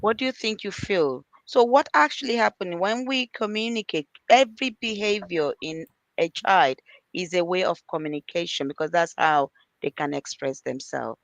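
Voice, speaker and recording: A woman's voice: fairly low pitch, moderate pace, no room sound. A middle-aged woman, an early years practitioner, earnestly giving parenting advice as a panel guest and acting out talks with children. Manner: earnest, repeats key points, acts out dialogues with children.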